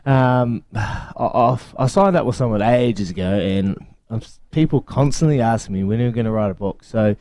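Mellow-voiced New radio co-host. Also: male voice, medium pitch, moderate pace, hardly any pauses, no echo. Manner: earnest, rambling, many restarts. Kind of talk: casual radio chat.

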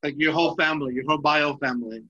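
A man's voice: on the high side, racing, sharp tone, lo-fi sound. A man hosting a podcast, a teacher, talking in a hesitant way and searching for his words. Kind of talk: casual podcast interview.

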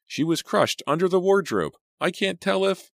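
A man voicing an anxious middle-aged male drama teacher in an audiobook, with a trembling, high-strung manner. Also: wildly swooping pitch, normal speed, creaky, breathy edge, no echo, clean studio sound, exaggerated voice. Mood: shaken. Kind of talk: audiobook character voice.

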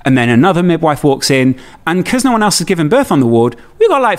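Animated young man telling a story. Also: high voice, fast talker, hardly any pauses. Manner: animated storyteller, acts out quotes. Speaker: podcast guest. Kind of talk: casual chat.

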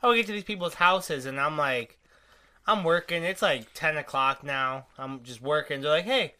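A man's voice: on the high side, moderate pace, bright, forceful tone, smooth. A young man in his twenties, a podcast guest, telling a laid-back anecdote in casual chat.

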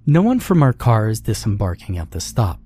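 A man's voice: fairly low pitch, sing-song, a little fast, warm tone, husky. A man voicing a falsely sweet female train attendant with a soothing, sugary manner.

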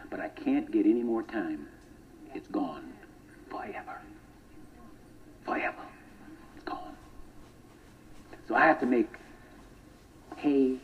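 A man preaching a sermon with rhythmic repetition, swinging from hushed whispers to loud emphasis. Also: fairly low pitch. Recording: tinny phone-like sound.

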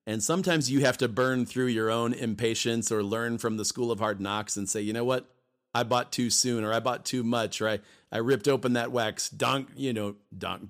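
A man's voice: medium pitch, steady tone, normal speed. A man co-hosting a podcast, talking casually and emphatically, often repeating himself and briefly acting out voices. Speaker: podcast co-host.

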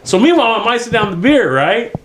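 A middle-aged man from spins a story with a lively, swooping pitch. He swears constantly and laughs in the middle of his own telling, in a loose podcast chat among friends. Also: fast talker, a little hiss or hum. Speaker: podcast co-host.

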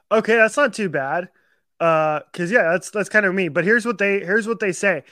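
A man's voice: high voice, pushed and bright, dry recording, clean studio sound. A man hosting a podcast, rattling off a live ad read at auctioneer speed, then chatting casually. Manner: rapid auctioneer-style ad reading. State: out of breath after the read. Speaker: podcast host.

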